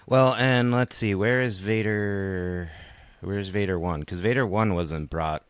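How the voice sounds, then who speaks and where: Low-voiced man, dry sarcastic wit. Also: a little slow, clear, resonant tone, dry recording. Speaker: podcast co-host. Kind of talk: casual chat.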